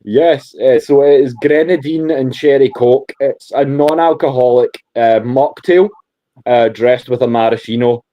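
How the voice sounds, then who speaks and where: A man's voice: mid-range voice, measured pace, dark tone, dull audio. A Scottish man co-hosting a podcast in casual chat, joking and laughing often, with frequent restarts. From Scotland. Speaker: podcast co-host.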